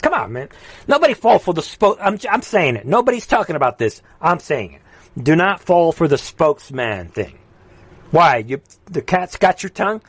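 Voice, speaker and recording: A man hosting a live political stream, ranting and taunting, with sudden loud jumps up in pitch. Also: very animated, normal speed, breathy edge, no room sound. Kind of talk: heated political commentary.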